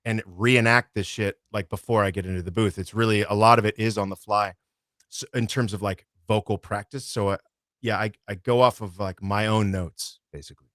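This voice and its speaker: Male audiobook narrator, podcast guest; low voice, dry close sound, loose rambling delivery. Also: fairly quick, dry recording. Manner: relaxed, rambling, swears freely. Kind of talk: casual podcast chat.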